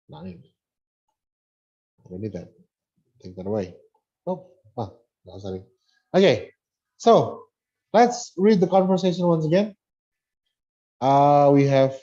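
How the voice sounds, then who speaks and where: A man teaching an online English lesson, slowly reading a dialogue aloud and explaining pronunciation with chatty asides. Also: mid-range voice, dark tone, lo-fi sound.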